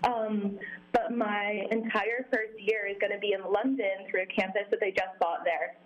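A woman's voice: medium pitch, fairly even intonation, moderate pace. Young woman from Vermont, lo-fi line. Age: young adult. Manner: cheerful, with frequent ums. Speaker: guest. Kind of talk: casual interview.

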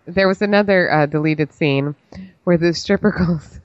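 A woman's voice: on the low side, moderate pace, no room sound, muffled recording. A woman co-hosting a podcast over a video call, chatting casually in a rambling way with many fillers. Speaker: podcast co-host. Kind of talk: casual chat.

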